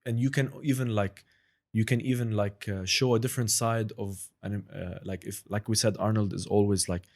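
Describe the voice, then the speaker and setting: A man's voice: fairly low pitch, fairly even intonation, moderate pace, creaky, a little mellow. A man, a podcast guest and impressionist, chatting casually in a rambling, hedging way. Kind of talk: casual chat.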